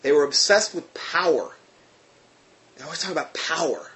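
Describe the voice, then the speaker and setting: A man telling a personal testimony story in an animated, emphatic way, often restarting his sentences. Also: fairly high pitch, moderate pace.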